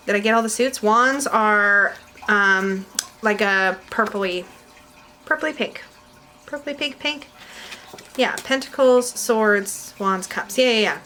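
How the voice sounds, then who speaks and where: A woman's voice: medium pitch, bright, forceful tone, a little hiss or hum. A woman in casual chat to camera, reviewing tarot decks at home, chatty and giggly, rambling with fillers. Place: home room with her dog nearby.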